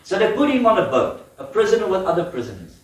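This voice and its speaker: High-voiced man preaching in an echoey church. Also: fast talker, far from the mic, a little hiss or hum. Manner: lively storytelling with laughs and questions to the congregation. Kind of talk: sermon. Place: church hall. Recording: echoey church hall from afar.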